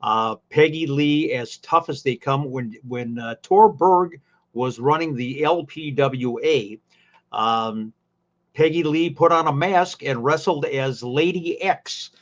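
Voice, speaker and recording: A man co-hosting a podcast, an unhurried storyteller who drifts into folksy asides and fillers. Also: mid-range voice, lo-fi sound. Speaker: podcast co-host, former ring announcer. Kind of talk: casual podcast chat.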